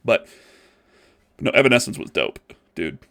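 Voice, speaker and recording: A man's voice: lowish voice, sing-song, normal speed, fairly bright tone. A man co-hosting a podcast in casual chat, rambling and swearing freely with lots of fillers. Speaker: podcast co-host.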